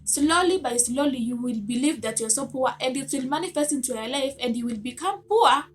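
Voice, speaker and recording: A woman's voice: high-pitched, animated, a little fast. A woman giving a motivational self-help talk to camera, earnest and coaxing, asking her listeners many rhetorical questions.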